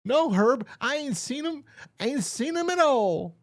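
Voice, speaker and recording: A man voicing a frightened old man from a comic, high and pleading. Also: sing-song, measured pace, heavily acted. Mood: nervous. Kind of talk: reading comic panels aloud.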